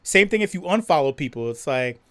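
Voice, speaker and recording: Reading comments from viewers, a streamer rants in a lively, profane way, laughing often through the casual chat. Their voice is medium in pitch and a little fast.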